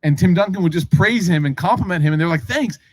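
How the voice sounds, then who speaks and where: A man's voice: fairly high pitch, fast talker, rough recording. A man telling a religious story in a casual lecture style, acting out the voices of the people in it with many asides to the audience. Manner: animated storyteller, acts out quoted voices, frequent asides. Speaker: preacher.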